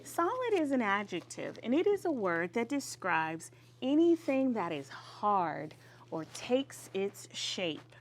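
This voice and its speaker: A woman teaching young children vocabulary in a classroom, leading them in call-and-response. She draws words out and praises each answer. Her voice sits at a middle pitch over a faint hiss. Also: big pitch swings, slow pace.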